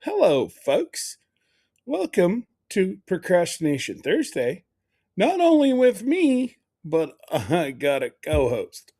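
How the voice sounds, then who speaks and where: An unhurried livestream host talks through the new year, wandering from thought to thought with frequent laughs. The voice rises and falls a lot and stays relaxed throughout. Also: medium pitch, breathy edge. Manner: rambling, laughs often, greets viewers by name. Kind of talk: casual livestream chat.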